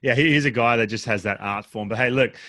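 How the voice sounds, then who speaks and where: A man with an Australian accent hosting a casual interview, asking energetic, rambling questions full of restarts. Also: mid-range voice, fast, dry recording. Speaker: podcast host.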